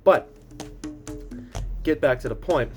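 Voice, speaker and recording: A man's voice: normal speed, a little mellow, faint music behind. Rambling young man telling a story. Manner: rambling with many restarts and fillers; acts out quoted voices, squeaks high when panicked. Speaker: vlogger. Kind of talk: casual storytime.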